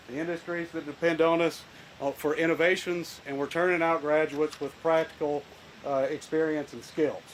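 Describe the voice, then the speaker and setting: Guy, college dean at a ceremony, lots of uhs, echoey outdoor pa, faint hiss behind. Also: on the high side. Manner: folksy, halting, with many fillers and restarts. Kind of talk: opening remarks at a public ceremony. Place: outdoor event with echoing sound system. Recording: echoey public address from afar.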